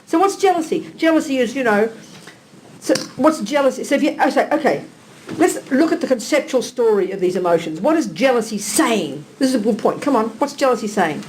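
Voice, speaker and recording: High-voiced blunt woman teaching. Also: a little fast, a little hiss or hum. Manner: animated, blunt, teasing, fires rhetorical questions. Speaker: Buddhist teacher. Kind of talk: live question-and-answer teaching. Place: teaching hall with a live audience.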